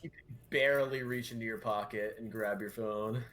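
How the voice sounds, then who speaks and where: A man's voice: fairly low pitch, steady tone, normal speed, fairly bright tone. A young man narrating as game master in a casual, wry way, often laughing.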